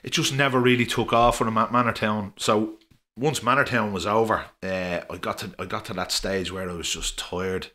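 A man's voice: fairly low pitch, steady tone, normal speed, pushed and bright. A middle-aged Irish man telling rambling, chatty anecdotes as a podcast guest, with frequent fillers. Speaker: podcast guest, former referee. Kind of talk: casual storytelling.

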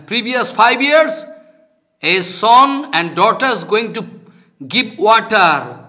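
Emphatic high-voiced older spiritual teacher. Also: male voice, pushed and bright. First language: Bengali. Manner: emphatic, repetitive, non-native phrasing. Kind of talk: devotional lecture.

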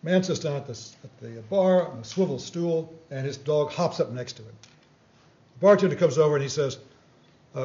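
A man giving a lecture and answering questions, speaking in a measured, hesitant way with frequent fillers, on a slightly dull recording. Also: fairly high pitch, darkish tone. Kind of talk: lecture Q&A, telling a joke.

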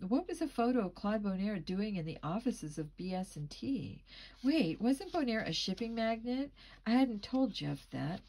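A woman reading a mystery novel aloud in a steady first-person narration, with occasional slips and restarts. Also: mid-range voice, rough recording. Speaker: audiobook reader. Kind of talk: storybook narration.

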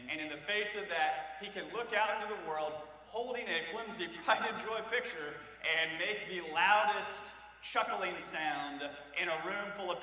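Bright-voiced man preaching in an echoey hall. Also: high-pitched. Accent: Ohio. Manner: storytelling with humor and asides to the congregation. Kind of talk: sermon. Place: church sanctuary. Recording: echoey church hall from far off.

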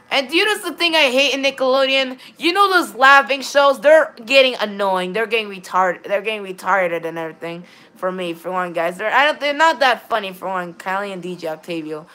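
A woman streaming live gameplay who rambles, reads viewer chat aloud and greets viewers, with sudden excited bursts and a habit of repeating "all right then". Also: mid-range voice, moderate pace. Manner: sudden excited bursts when directing players. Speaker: game streamer.

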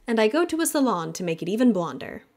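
A woman's voice: fairly high pitch, very animated, quick pace, a little mellow, pitched above the performer's own voice. A woman voicing a friendly young intern.

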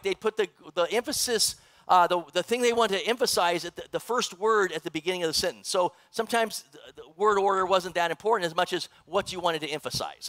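A middle-aged man, a pastor, preaching in a church, animated and joking with the congregation. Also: sits high, no room sound. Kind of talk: sermon. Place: church sanctuary.

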